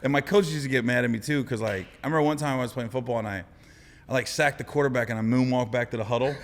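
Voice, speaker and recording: A man's voice: mid-range voice, racing, in a large hall. A man from Ohio, a comedian guest telling funny stories on a podcast and acting out the people in them. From Ohio, USA. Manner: animated, acts out people in the story. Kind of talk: comic storytelling on a podcast.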